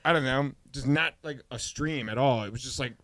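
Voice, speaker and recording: A man hosting a podcast, casually telling a story and acting out the voices with loud exclamations. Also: medium pitch, brisk. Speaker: podcast host.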